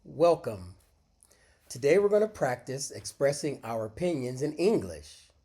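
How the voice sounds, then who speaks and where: A man teaching a short English lesson, speaking deliberately and modeling phrases for learners to repeat. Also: medium pitch, very animated, mellow, slightly rough. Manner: slow, deliberate, encouraging, models phrases aloud for repetition. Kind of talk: scripted micro-lesson with screen demo.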